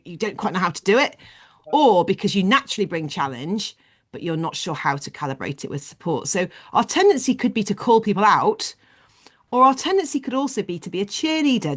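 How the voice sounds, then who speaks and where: On a video call, a woman with a mid-range voice runs an online leadership training session, explaining ideas in an animated way.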